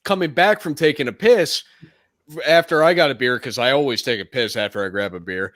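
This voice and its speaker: A man's voice: medium pitch, fairly quick, a bit bright, no room sound. A man in casual podcast banter, telling a story in an easygoing way with plenty of laughing. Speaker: podcast co-host.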